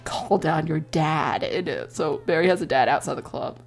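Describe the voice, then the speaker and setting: Woman streamer, low and breathy, loose rambling recap full of cursing. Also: normal speed. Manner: rambling, swears a lot, laughs often. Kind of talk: casual recap of a role-play story.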